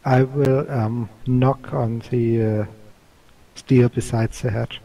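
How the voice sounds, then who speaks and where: A man taking his turn in a tabletop game, hesitant and full of fillers. His voice is gravelly and dark, and he speaks very slowly. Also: mid-range voice, little pitch movement, rough recording. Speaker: player. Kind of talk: casual tabletop game play.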